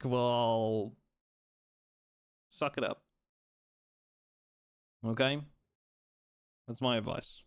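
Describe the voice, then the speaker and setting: A man streaming a game live, chatting casually in a relaxed, rambling way and teasing his chat. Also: mid-range voice, drawn-out words, pauses often, smooth, no echo, clean studio sound.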